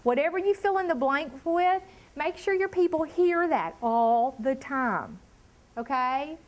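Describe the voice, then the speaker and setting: Lively high-voiced woman trainer. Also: measured pace. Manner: lively, emphatic, addresses the room as y'all. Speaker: workshop trainer. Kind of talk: live training workshop talk.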